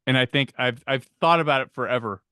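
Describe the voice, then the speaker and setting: A man hosting a casual movie podcast, rambling, laughing often and quoting lines in quick impressions. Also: medium pitch, sharp tone, clean tone, no echo, clean studio sound. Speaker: podcast host.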